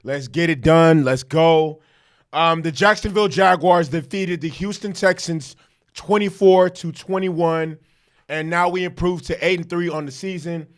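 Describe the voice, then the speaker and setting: A man's voice: on the high side, a little slow. A man giving a casual fan reaction to his team's win, talking in hyped, profane, rambling bursts and tagging points with "okay?". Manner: hyped, repeats "okay?" for emphasis; profane, self-correcting rambles. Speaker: sports fan commentator.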